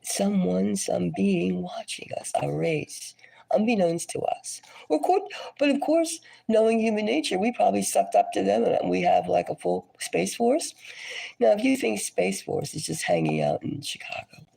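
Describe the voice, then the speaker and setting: A woman giving a casual tarot reading, her voice scratchy and hoarse from a cold, rambling and dropping now and then into a whisper. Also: medium pitch, very animated, moderate pace, dark tone. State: hoarse, getting over a cold. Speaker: tarot reader.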